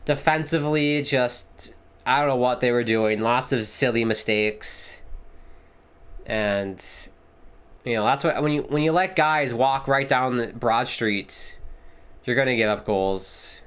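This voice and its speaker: A man hosting a live sports watchalong, giving casual commentary and reacting excitedly to the plays with casual swearing. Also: medium pitch, a little slow, smooth. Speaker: livestream host.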